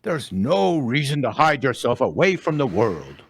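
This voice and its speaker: A man's voice: mid-range voice, big pitch swings, measured pace, vocal fry, husky, exaggerated voice. A man voicing a fussy old toad man with glasses, coaxing a friend in a live fan fiction reading.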